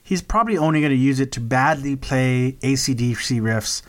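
A man in casual chat, telling a story with dry, deadpan jokes. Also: mid-range voice, normal speed.

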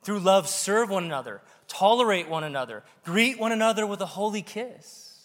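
A man preaching a sermon to a congregation, animated and joking with the audience. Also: high voice, normal speed. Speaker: pastor. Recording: long reverb of a large hall.

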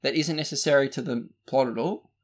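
A man's voice: mid-range voice, brisk. An Australian man co-hosting a casual podcast, rambling through a movie review with lots of fillers and restarts. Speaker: podcast co-host.

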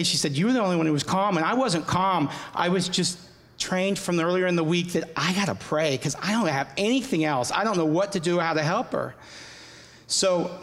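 A man giving an earnest personal faith testimony, halting and often repeating his words. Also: a little high, fairly bright tone, in a large hall.

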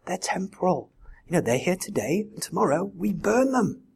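A man's voice: sits high, big pitch swings, moderate pace, creaky, a little mellow, slightly rough. A man preaching a sermon in a conversational way, full of rhetorical questions. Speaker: pastor.

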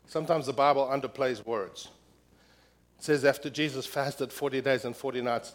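A man's voice: mid-range voice, fairly even intonation, normal speed. A man delivers a sermon from the pulpit of a church, speaking in an ordinary mid-range voice. His preaching is emphatic, building up through repeated phrases and rising in force when he reads scripture aloud. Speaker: pastor.

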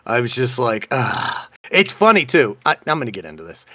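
A man's voice: medium pitch, huge pitch swings, fast talker, bright, forceful tone, dry recording. A man, co-hosting a casual comedy chat and telling stories in a playful, self-mocking way. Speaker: podcast co-host.

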